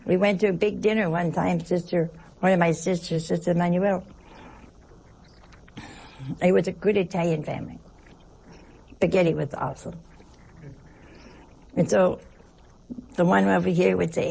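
A woman's voice: fairly low pitch, steady tone, moderate pace, vocal fry, long pauses, warm tone, slightly rough. An older woman, a nun, giving a conversational sermon, telling anecdotes and asking rhetorical questions. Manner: chatty, asks rhetorical questions, tells anecdotes. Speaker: nun giving a religious talk.

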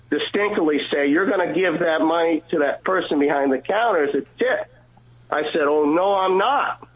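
Earnest man on a tinny phone line. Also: on the high side. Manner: earnest, halting storyteller who acts out dialogue. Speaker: guest caller. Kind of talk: telling a personal faith story.

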